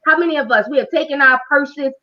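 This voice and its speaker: A high-pitched woman leads a live online workshop as a financial coach, speaking with a fervent, preacher-like drive and calling out to her listeners. Her voice comes through a muffled, lo-fi video call. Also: fast talker. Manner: animated, preacher-like, talks straight to the audience. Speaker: financial coach hosting a training.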